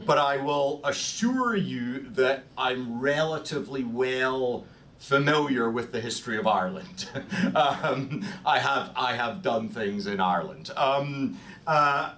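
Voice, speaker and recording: A man's voice: medium pitch, expressive, slow pace, a bit bright. A man with a Scottish accent giving a history lecture to a group, self-deprecating, with lots of ums and restarts. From Scotland. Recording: distant mic in a room with faint noise.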